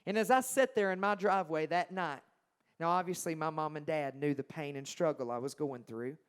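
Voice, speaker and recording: A young man shares his testimony with a congregation, dramatic and emphatic. His voice sits a little high for a man and swings between loud bursts and near-whispers. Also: fairly quick, clean tone. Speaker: Christian singer-songwriter giving his testimony. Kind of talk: personal testimony storytelling.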